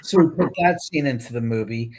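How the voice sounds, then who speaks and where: A man's voice: medium pitch, a little fast, a little mellow, slight background noise. A man from Los Angeles, a guest film producer, telling stories on a podcast and acting out quoted dialogue with lots of restarts. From Los Angeles, USA. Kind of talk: animated storytelling on a podcast.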